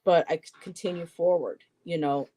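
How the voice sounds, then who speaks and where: A woman in her fifties, co-hosting a live poetry stream, telling a personal story casually, halting often with "you know" and restarts. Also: on the low side, dark tone, slightly rough. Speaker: poetry show co-host.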